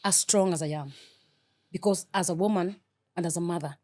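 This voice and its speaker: This interview guest, also a middle-aged woman, has a lowish voice and a brisk delivery. Her emotional talk comes across as sincere, warm and quietly spoken.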